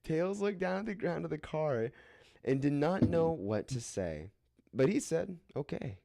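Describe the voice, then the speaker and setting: His voice runs on the high side, gravelly yet mellow, animated and a little slow. He reads a silly fan fiction aloud for laughs in a clean studio with no room sound, doing hammy voices for the quotes and bursting into laughter often.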